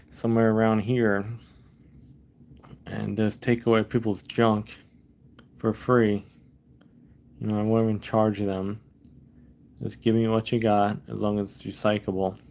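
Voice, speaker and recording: A low-voiced man venting in a rambling, casual vlog monologue. He curses often and repeats himself, worn out and fed up. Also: darkish tone. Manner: frustrated, profane, rambling. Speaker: vlogger.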